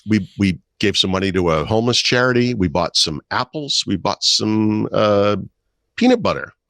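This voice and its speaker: A man's voice: on the low side, sing-song, normal speed, fairly bright tone, no echo. A middle-aged man and podcast co-host, telling wry anecdotes in casual chat. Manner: storytelling, wry, puts on voices in anecdotes.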